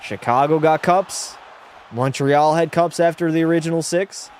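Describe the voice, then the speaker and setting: Young man, game streamer, casual chat, blunt opinions, slightly high voice, faint background noise. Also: steady tone, normal speed, darkish tone, a faint crowd. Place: home room.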